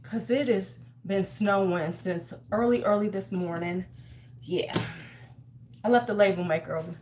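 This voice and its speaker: A woman's voice: medium pitch, unhurried, a little mellow, a little hiss or hum. A woman hosting a casual beauty livestream from her home, chatting, greeting viewers by name and talking to herself as she works. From United States. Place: home in winter.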